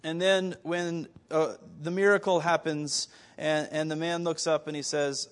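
A man delivers a sermon in a voice pitched higher than most men's. He keeps turning to his listeners with pointed rhetorical questions and sometimes stumbles and restarts his words. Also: normal speed. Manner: animated, rhetorical questions to the congregation; occasional stammered restarts. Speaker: preacher.

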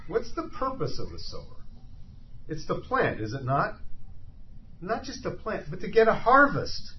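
A man preaching a sermon, passionate and emphatic, asking his listeners questions as he teaches. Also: sits high. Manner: impassioned, rises to loud emphatic cries; asks the listeners rhetorical questions. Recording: slightly dull lo-fi sound with faint noise.

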